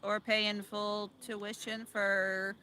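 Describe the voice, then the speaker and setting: Brief: New Jersey woman, bright forward voice, casual banter, faint outdoor noise. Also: mid-range voice, level tone, extremely slow. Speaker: host's wife, co-host. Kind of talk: casual live-stream chat. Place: outdoors at a fishing spot.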